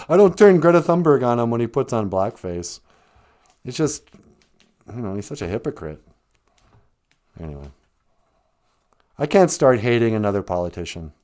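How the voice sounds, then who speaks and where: A man's voice: mid-range voice, sing-song, normal speed, pauses often, a little mellow. Brief: male stream host, rambling comedic chat, laughs at his own jokes, mid-range voice. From Ojibwe reservation, US. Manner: joking, rambling, laughs often.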